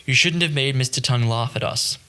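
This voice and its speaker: A man's voice: mid-range voice, fairly quick, bright, forceful tone, clean tone, close to an everyday voice. A man voicing a stubborn, preachy uncle in an audiobook, lecturing and scolding as he talks. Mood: reproachful. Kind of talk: audiobook character reading.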